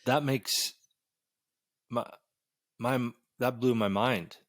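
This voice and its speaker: A man hosting a podcast, talking in an animated, emphatic way and swearing casually. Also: medium pitch, extremely slow, no room sound, clean studio sound. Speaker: podcast host.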